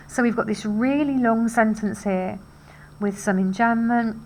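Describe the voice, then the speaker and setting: A woman's voice: a little high, a little slow, a little mellow, a little hiss or hum, poor audio. A woman teaching English literature, explaining a play in a thoughtful, conversational way. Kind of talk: literature lesson.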